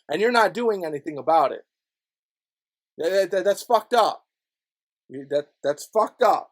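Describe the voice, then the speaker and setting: A man ranting angrily into the camera, swearing constantly and swinging between low mutters and loud outbursts. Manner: profane, swings from mutters to shouts. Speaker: video blogger. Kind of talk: angry ranting monologue.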